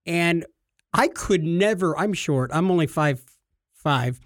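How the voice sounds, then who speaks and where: Casting: high-pitched male podcast co-host, excitable storyteller who acts out the people in his stories, dry close sound. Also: takes it slowly, no echo. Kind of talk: animated storytelling chat.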